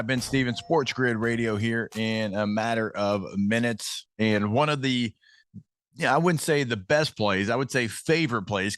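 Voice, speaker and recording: A man's voice: mid-range voice, a bit bright. A male sports radio host in casual conversation, rambling with restarts.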